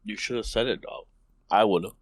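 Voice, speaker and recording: Low, laid-back young man with slang. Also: fairly quick, husky. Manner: laid-back, slangy, short blunt replies. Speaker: podcast co-host. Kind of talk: casual chat.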